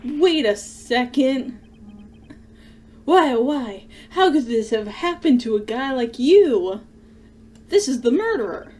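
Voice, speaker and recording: A woman voicing a theatrical male prosecutor villain in a video game, loudly faking grief and outrage. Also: high-pitched, animated, slow, long pauses, heavily acted. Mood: melodramatic. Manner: melodramatic, overblown outrage.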